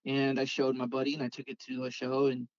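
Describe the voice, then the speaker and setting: A man's voice: medium pitch, quick pace, no echo, dull audio. A man casually telling a rambling story about customizing toy cars, acting out the voices of his friends along the way. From Southern California. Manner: rambling, animated when quoting others. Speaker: guest, Hot Wheels customizer.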